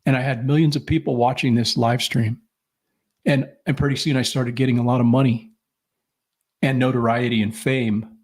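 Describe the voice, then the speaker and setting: A middle-aged man co-hosts a podcast in a mid-range, darkish voice, keeping a steady tone at normal speed. In casual chat he rambles through stories, swearing a lot and acting out the people he quotes.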